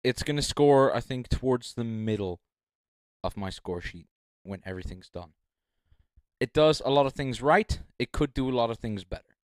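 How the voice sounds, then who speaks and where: A man's voice: medium pitch, lively intonation, normal speed, darkish tone, clean tone, no room sound. A young man giving casual, rambling live-stream commentary as a judge, joking between thoughts and speaking into a handheld mic. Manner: rambling, joking, filler-heavy. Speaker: livestream judge.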